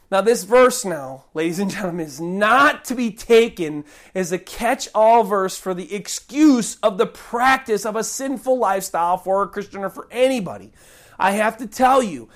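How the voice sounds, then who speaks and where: A high-pitched man preaches a sermon, passionate yet conversational, dropping folksy asides and sometimes acting out prayers and other people's voices.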